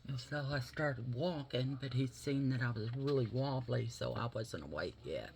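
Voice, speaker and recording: A man's voice: mid-range voice, moderate pace, gravelly, darkish tone, slight background noise. A man vlogging casually while doing his makeup, rambling and swearing easily, with whispered asides.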